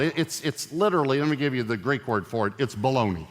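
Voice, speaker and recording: A man preaching a sermon as a pastor, animated and joking as he tells stories. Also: medium pitch, fast talker. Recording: echoey hall reverb.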